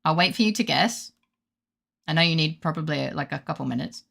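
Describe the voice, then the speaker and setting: A woman's voice: deep voice, fairly quick, gravelly, a bit bright. A woman streamer giving playful, sarcastic commentary on a game, cursing casually.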